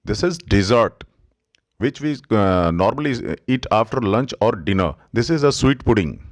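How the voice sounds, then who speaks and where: A man with an Indian English accent teaching pronunciation, slowly repeating each word as a drill. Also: on the low side, lively intonation. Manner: slow, instructive, repeats words for drill. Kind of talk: pronunciation lesson.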